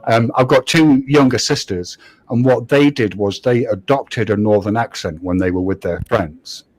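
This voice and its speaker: A man's voice: fairly low pitch, normal speed, no room sound, rough recording. A man from England with a generic English accent and a faint London edge, talking bluntly in a casual chat and swearing freely. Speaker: host.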